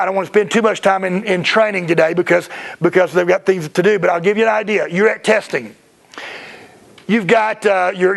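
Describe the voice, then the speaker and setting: A martial arts school owner gives a chatty seminar talk to other school owners, often acting out quick scenes of kids and parents. His high voice has a gravelly edge, and he speaks loosely, with restarts and asides to the room.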